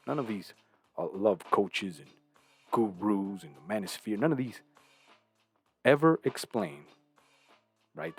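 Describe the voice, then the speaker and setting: Male host, low husky voice, slow and preachy, keeps asking "right?", faint music under him. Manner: preachy, repeats "right?" and "understand", mimics other people. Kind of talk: casual monologue commentary.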